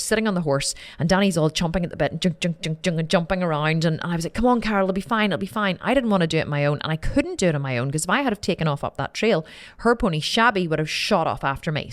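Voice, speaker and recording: A woman hosting a podcast, telling a personal story in a candid, animated way, repeating phrases and swearing casually. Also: low-pitched, fast. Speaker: podcast host.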